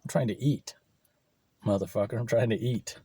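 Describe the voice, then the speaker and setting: A man with a lowish voice chats and rambles over lunch, cursing freely. He talks straight to the camera, picked up by the camera mic and not a clip-on. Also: normal speed, warm tone, slightly rough. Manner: rambling, profane, swears often. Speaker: vlogger. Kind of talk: casual chat while eating lunch.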